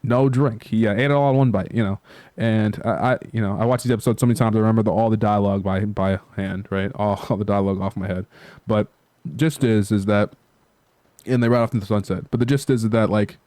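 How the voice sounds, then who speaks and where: Rambling man with a smooth, low voice. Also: darkish tone, no room sound. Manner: rambling, many fillers, casual swearing. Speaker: channel host. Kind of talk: casual rambling chat.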